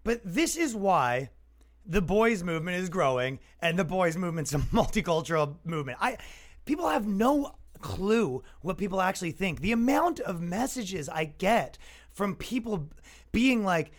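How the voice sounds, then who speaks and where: Male comic podcast host, high-pitched, casual sarcastic rant. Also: big pitch swings, moderate pace. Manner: exasperated, sarcastic, acts out quoted voices.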